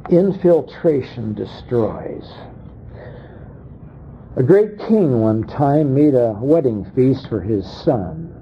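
A man preaching a sermon, dramatic, acting out quoted voices with sharp swings in pitch and pace. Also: sing-song, slow pace, a little hiss or hum. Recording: dull lo-fi sound.

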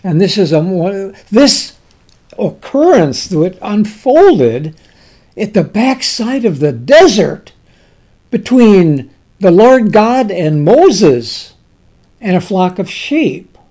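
Slow, mellow-voiced man preaching a sermon. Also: high voice. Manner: emphatic, with dramatic pauses and swings from loud to soft; reads scripture in King James wording.

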